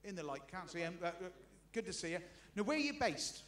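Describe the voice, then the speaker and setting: A man's voice: sits high, big pitch swings, quick pace, fairly bright tone. A man hosting a comedy showcase, chatting in a chummy, matey way with the act. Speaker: showcase host. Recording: echoey venue with crowd.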